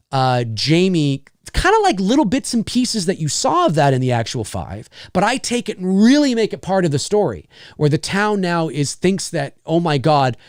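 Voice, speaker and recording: A man chats loosely through viewer questions on his own channel, his pitch swinging widely as he rambles from one half-finished thought to the next. He sits a touch higher than most men, and the sound is close and dry, with no room around it. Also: no room sound. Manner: rambling and animated, full of fillers and restarts, swearing. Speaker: channel host. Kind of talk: casual live Q&A chat.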